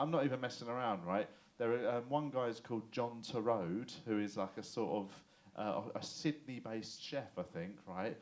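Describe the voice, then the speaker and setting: An English man performing a lively stand-up comedy set on a club stage, chatty and swearing, often checking in with the crowd. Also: medium pitch. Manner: chatty, animated, swears and asks the crowd "right?".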